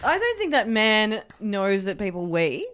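A young Australian woman in casual chat, wry and teasing, quick with jokes. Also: medium pitch, very animated, a bit bright, slight background noise.

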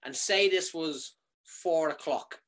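Animated man telling a comic story. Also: fairly high pitch, takes it slowly. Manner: animated, keeps asking "right?", swears freely.

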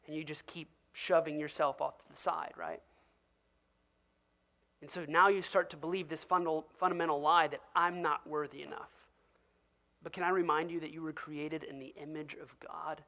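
Preaching briskly and with lively, conversational energy, this pastor speaks at a middle pitch. Direct questions to the listeners come again and again, and he performs the voices of those he quotes.

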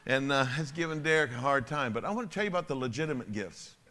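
A man preaching a sermon as a pastor, telling stories in an animated way and swinging from loud to hushed. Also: mid-range voice, fast talker, slight background noise.

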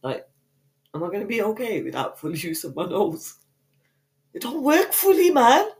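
A young woman co-hosting a podcast, all brash teasing and constant swearing in slangy street talk. Her voice swings up and down a lot, lively and animated. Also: medium pitch, moderate pace. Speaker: podcast co-host. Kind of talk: casual banter.

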